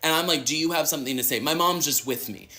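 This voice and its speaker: A man's voice: on the high side, quick pace, sharp tone, soft background music. A young man from Dallas telling a long personal story in a casual, dramatic way, acting out what other people said. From Dallas, Texas. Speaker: storyteller in a played clip.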